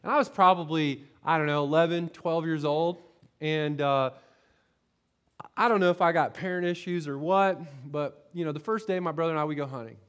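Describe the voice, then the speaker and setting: A high-pitched male pastor from Florida preaching to his congregation. He slips into a chatty storytelling way of talking, stumbling over repeated words and tossing out "right?" to the room. He is middle-aged, and his sermon mixes personal tales with earnest appeals. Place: church sanctuary.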